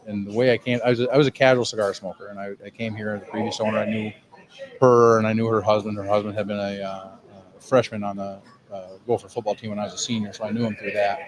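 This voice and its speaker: A man's voice: on the low side, rough recording. A man, a cigar lounge owner telling a rambling, profane, self-mocking story in a lounge. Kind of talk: casual storytelling.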